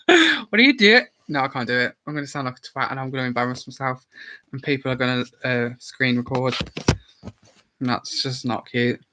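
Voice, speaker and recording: A man's voice: mid-range voice, monotone, a little fast, sharp tone, poor audio. A man in his twenties from the Worcestershire area with a light Birmingham accent, chatting casually to camera, opinionated and swearing freely. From England, Worcestershire area. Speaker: channel host.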